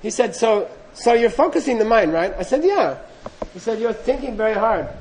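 A man's voice: sits high, expressive, fairly quick, a little mellow, a little hiss or hum, poor audio. A middle-aged man telling a humorous, self-deprecating story to an audience in a loose, anecdotal way, acting out the dialogue. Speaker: speaker recounting monastery training.

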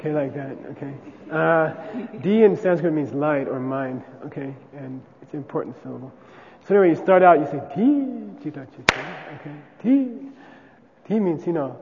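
A man's voice: a little high, animated, measured pace, in a large hall, highs cut off, crowd noise. A man teaching a class casually, often checking with "okay?" and demonstrating chants aloud.

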